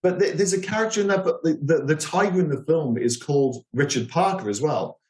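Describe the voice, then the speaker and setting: A man's voice: on the high side, fairly quick, darkish tone. Male podcast co-host, rambling and self-deprecating, echoey room. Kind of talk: casual podcast chat.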